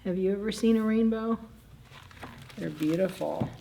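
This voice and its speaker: A woman's voice: mid-range voice, normal speed, gravelly, warm tone, a little hiss or hum. A woman, a children's librarian, reading picture books at library story time and chatting animatedly with the children, often laughing. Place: public library.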